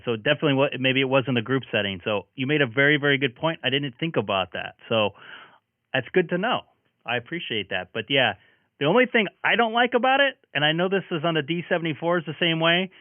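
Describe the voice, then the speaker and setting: A man's voice: medium pitch, no echo. A man hosting a ham radio chat, friendly and talkative, signing off with his call sign. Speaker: ham radio operator and stream host. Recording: tinny radio transmission.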